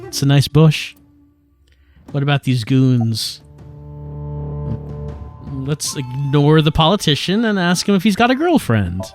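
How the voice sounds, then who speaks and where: A man's voice: a little high, sing-song, measured pace, long pauses, faint music behind. A man streaming a video game with casual, joking commentary. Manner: joking, offhand. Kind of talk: casual let's-play commentary.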